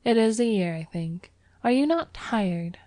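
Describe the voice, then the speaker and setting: A woman's voice: mid-range voice, expressive, a little slow, warm tone, no room sound, natural voice. A woman voicing a teasing young Parisian woman. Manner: teasing, lightly sarcastic.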